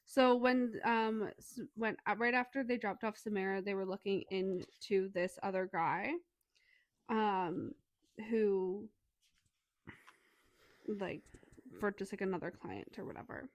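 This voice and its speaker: A woman co-hosting a casual book podcast, retelling a story's scenes with lots of swearing and quick acted-out dialogue. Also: medium pitch, no echo. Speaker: podcast co-host. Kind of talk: casual book review chat.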